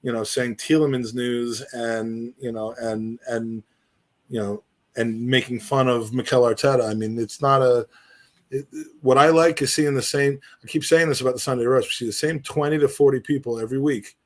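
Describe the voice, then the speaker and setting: A middle-aged man talking casually on a podcast at an ordinary pitch. He rambles earnestly and trips over his own restarts as he thinks aloud. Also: fairly even intonation, normal speed. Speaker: podcast co-host. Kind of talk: casual chat.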